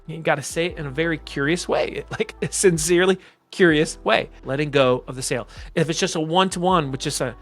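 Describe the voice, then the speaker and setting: A man coaching salespeople on camera, talking slowly, calmly and deliberately. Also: fairly high pitch, faint music behind. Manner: slow, calm, deliberate coaching delivery. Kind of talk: direct-to-camera teaching.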